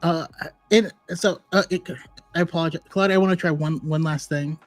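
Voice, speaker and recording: A man with a somewhat high-pitched voice hosts a casual online talk. He speaks in a relaxed, chatty, easygoing way, as if calling in remotely. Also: fairly quick, no echo, faint music behind. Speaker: podcast host.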